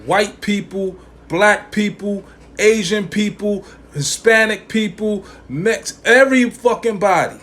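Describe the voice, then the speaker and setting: Taking it slowly, a podcast host rants with opinion in a high, slightly bright male voice. The delivery is emphatic, profane and slangy, with repeated lines driving the point home.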